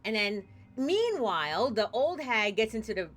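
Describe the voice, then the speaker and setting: A woman's voice: fairly high pitch, sing-song, normal speed. A woman streaming a story game, chatting casually and narrating a fairy tale in a playful way, hopping into character voices.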